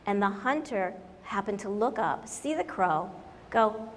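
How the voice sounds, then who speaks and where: A woman's voice: medium pitch, animated, a little slow, long reverb tail, a little hiss or hum. A woman giving a humorous conference talk, wry and direct, telling stories to an audience. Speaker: conference speaker.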